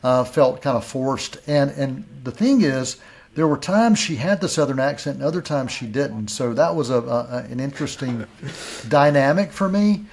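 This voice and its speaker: Middle-aged male film critic, mid pitch. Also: animated, moderate pace. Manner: stammering restarts, conversational. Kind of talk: casual film review chat.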